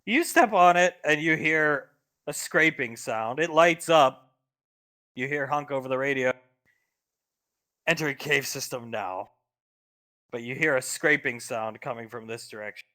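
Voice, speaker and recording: Bright-voiced man game master. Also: medium pitch, normal speed. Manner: descriptive, steady narration. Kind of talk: narrating a tabletop game.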